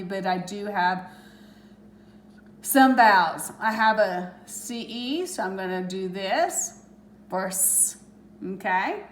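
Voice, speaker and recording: A woman's voice: mid-range voice, a bit bright, reverberant. A woman teaching a phonics lesson to children, patient and step by step, stretching out the sounds of words. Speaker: reading teacher.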